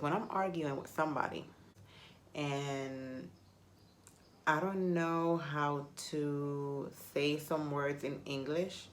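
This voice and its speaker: A woman's voice: low voice, slight background noise. Chatty woman, native Spanish speaker. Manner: chatty, rambling, self-mocking. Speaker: vlogger. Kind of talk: casual chat to camera.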